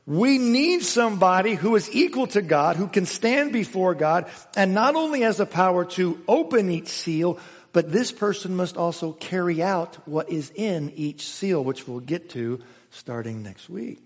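A male pastor preaching with a highly animated, rising and falling delivery, booming one moment and dropping to a near hush the next. His voice sits high and a little husky. The sound carries the long reverb of a large church hall. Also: measured pace. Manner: dramatic, swings from loud exclamations to hushed asides. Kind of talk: sermon.

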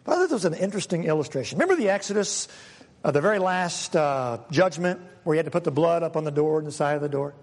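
A man preaching a sermon as pastor, dramatic, acting out quoted voices and swinging between loud and soft. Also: fairly high pitch, lively intonation, quick pace, big-room sound.

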